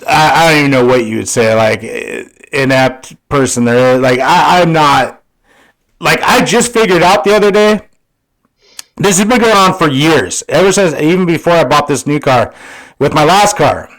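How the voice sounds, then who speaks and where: A man's voice: on the high side, normal speed, a bit bright, poor audio. A man in his forties co-hosting a podcast, rambling in casual chat with lots of fillers and swearing. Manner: rambling, profane, filler-heavy. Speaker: podcast co-host.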